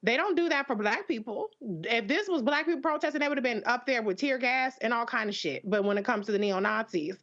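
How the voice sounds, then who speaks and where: A woman's voice: a little high, expressive, brisk, few pauses, a bit bright. A woman commissioner who speaks in a blunt, heated way, often stumbling over and repeating words before she gets going. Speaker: local commissioner. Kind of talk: live panel remarks. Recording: dull lo-fi remote audio.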